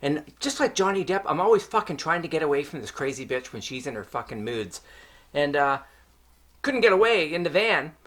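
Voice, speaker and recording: A man's voice: fairly high pitch, very animated, fairly quick, a bit bright. A middle-aged man from Canada, telling a personal story to his vlog in a heated, profane rant full of swearing. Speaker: vlogger.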